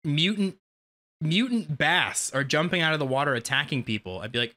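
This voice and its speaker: Excitable, bright-voiced game streamer. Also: medium pitch, normal speed, slight background noise. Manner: excitable, swears a lot, yelps at jump scares. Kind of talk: casual let's-play commentary.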